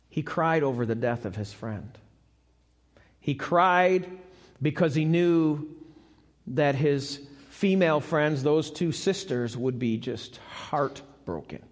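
Slow, high-voiced preacher in a reverberant church. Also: male voice, expressive. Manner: conversational, asks the congregation questions. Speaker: pastor. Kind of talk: sermon. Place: church sanctuary, recorded live. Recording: long church hall reverb.

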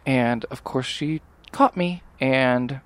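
A man's voice: medium pitch, slow pace, lightly acted. A man voicing Olivia, a shy, nervous young student witch who talks in a stammering, polite, formal way.

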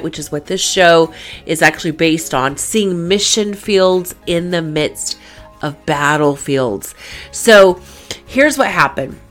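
A middle-aged woman hosting her faith-based show, telling a personal story in a chatty, animated way and acting out her own reactions. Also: on the low side. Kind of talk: casual storytelling monologue.

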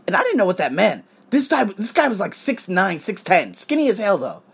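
A man in his thirties hosts his own podcast, telling a rambling story full of swearing and side tangents. His voice is a bit husky, and his pitch swings widely from low mutters to high bursts. He is from Las Vegas and pauses now and then for a sip of his drink. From Las Vegas, United States. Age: 30s. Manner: animated, profane, drifts off into asides; sipping cognac while talking. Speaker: podcast host. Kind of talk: casual storytelling monologue.

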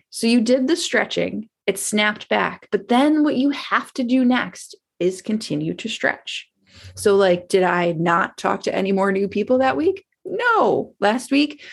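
Husky, gravelly-voiced woman coaching casually. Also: mid-range voice. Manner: chatty, animated, acts out inner voices. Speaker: business coach. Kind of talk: casual motivational talk.

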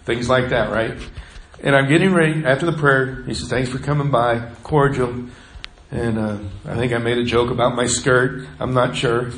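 Earnest preacher in an echoey sanctuary. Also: male voice, medium pitch, steady tone, normal speed, a little hiss or hum. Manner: earnest, conversational, drops to hushed tones. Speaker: pastor. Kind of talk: storytelling sermon. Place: church sanctuary.

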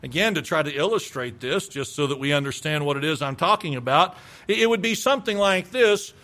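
A man's voice: fairly high pitch, expressive, fairly quick, bright, forceful tone. A middle-aged male pastor preaching a sermon with emphasis, acting out the replies people give. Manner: emphatic, acts out quoted replies.

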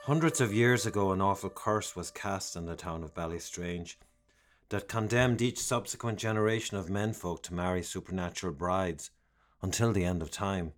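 A man narrating a comic story in a wry, theatrical way. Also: low-pitched.

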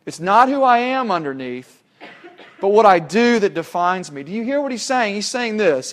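Preacher, male, somewhat high voice, emphatic sermon with rhetorical questions. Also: big pitch swings, normal speed. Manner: emphatic, rhetorical questions, swings from loud to hushed.

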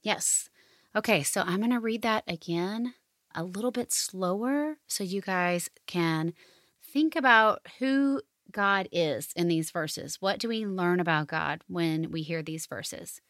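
A woman hosting a family devotional podcast, guiding listeners gently and reading scripture slowly and soothingly. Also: lowish voice, dry recording, clean studio sound. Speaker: podcast host.

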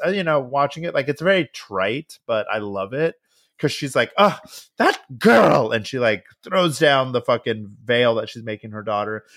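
A man co-hosting a podcast, casually recapping a film in animated bursts and acting out the characters' lines with plenty of swearing. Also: mid-range voice. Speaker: podcast co-host.

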